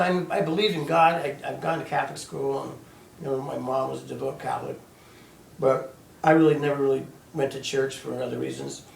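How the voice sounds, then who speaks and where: A man in his fifties telling his own story as personal testimony, halting and sporadic, with many restarts. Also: on the high side, vocal fry, slight background noise. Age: 50s. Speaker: storyteller recounting his own near-death experience. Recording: echoey room, voice heard from a distance.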